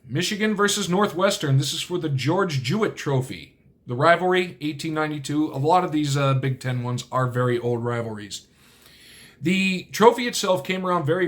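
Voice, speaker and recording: A man hosting a casual solo video, his voice sitting a little on the high side. He rambles, corrects himself mid-sentence and drops dry little asides as he goes. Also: fairly bright tone. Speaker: channel host.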